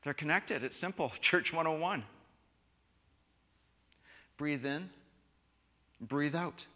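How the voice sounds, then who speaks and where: A man preaching a sermon, switching between quiet reflective lines and loud, emphatic ones. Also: on the high side, slow pace. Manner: expressive, shifts from soft to loud emphasis. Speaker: pastor. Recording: long hall reverb.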